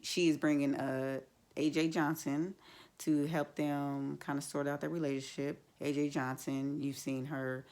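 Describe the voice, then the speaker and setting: A TV show reviewer with an extremely low, slightly mellow voice recaps a reality TV episode. She's blunt and chatty, packing her frank opinions with fillers like "like" and "you know."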